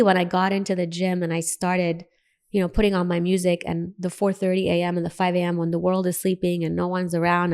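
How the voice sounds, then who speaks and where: A woman's voice: on the low side, vocal fry, darkish tone. A woman in her forties, a dentist, telling a personal story in an interview and acting out the dialogue as she goes. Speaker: guest, dentist.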